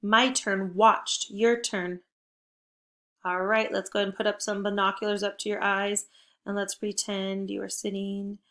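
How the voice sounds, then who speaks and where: A woman teaching a spelling lesson to young children, speaking slowly and clearly, upbeat and encouraging. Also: medium pitch, little pitch movement, fairly bright tone. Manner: slow, deliberate word-by-word modeling.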